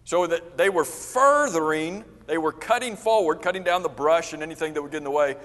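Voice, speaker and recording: Guy teaching a bible class, kinda high voice, repeats words over and over, church hall echo. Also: fairly quick, a bit bright. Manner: explains Greek verb tenses, repeats words for emphasis, calls on class members. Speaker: preacher leading a Bible class. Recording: church hall with long reverb.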